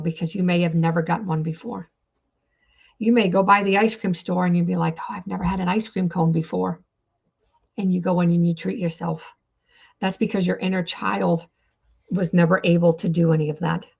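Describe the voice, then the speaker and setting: Gravelly low-voiced woman host. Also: dull audio. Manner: earnest, repetitive, coaching tone with many fillers. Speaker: podcast host on trauma healing. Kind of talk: earnest motivational talk.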